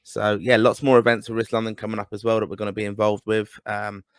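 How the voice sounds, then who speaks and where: A man co-hosting a casual football podcast, answering in a relaxed, easygoing way. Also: lowish voice, quick pace, clean tone, no echo, studio quality. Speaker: podcast co-host.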